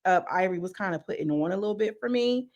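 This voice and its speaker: A woman recapping a reality show in casual, slangy commentary, breaking into quick mocking impressions of the cast. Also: medium pitch, expressive, a little mellow, dry recording. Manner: chatty, slangy, quotes cast members in mocking voices.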